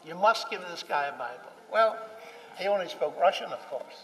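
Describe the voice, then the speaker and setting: A man with a higher-than-usual voice recounts a personal anecdote, lively and acting out each exchange. He sounds set back from the microphone, with a long echo trailing his words around a large hall. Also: normal speed. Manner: animated, acts out dialogue. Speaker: speaker recounting a personal story. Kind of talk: anecdotal storytelling talk. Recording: distant mic in a reverberant hall.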